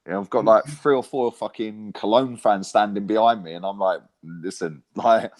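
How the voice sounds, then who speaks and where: A man's voice: lowish voice, moderate pace. Swearing football fan man. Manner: animated storytelling, swears constantly, lots of "right?" and "mate". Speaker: co-host, football fan pundit. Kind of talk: casual football chat.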